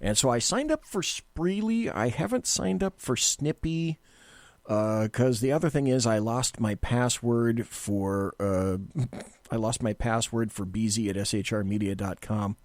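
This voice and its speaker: A man's voice: mid-range voice, a little slow, no room sound. A man hosting a talk radio show, chatting casually with a self-deprecating, rambling humor.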